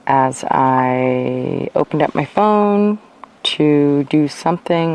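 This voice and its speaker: A tired livestream host rambles and chats from in and around her car outdoors, interrupting herself and sometimes wandering away from her clip-on mic. Her voice is low and slow with fairly even intonation and a darkish tone, and the audio is poor.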